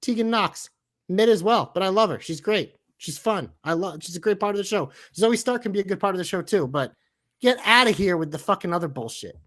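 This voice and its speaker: A man's voice: sits high, lively intonation, fairly quick, a bit bright. A man co-hosting a casual wrestling podcast, ranting heatedly with lots of swearing. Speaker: podcast co-host.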